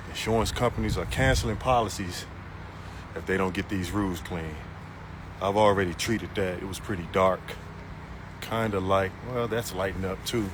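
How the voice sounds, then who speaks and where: A man with a lowish voice chats in relaxed slang with his live viewers. He's outdoors on a roof, talking into a phone. Wind and traffic noise sit clearly behind him. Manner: laid-back slangy talk to viewers. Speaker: power washing contractor. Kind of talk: casual live-stream chat while working.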